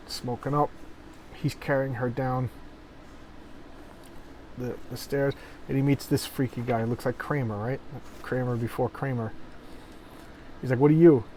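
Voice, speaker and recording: A man of middling pitch talks loosely through a comic, tripping over his words and circling back as he retells each panel. He records in a warm room, and a faint hum of a fan sits underneath. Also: low-quality recording. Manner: rambling, repeats words, paraphrases the panels. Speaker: comic book reviewer. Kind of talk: casual comic walkthrough. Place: hot room with a noisy fan. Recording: faint fan noise behind.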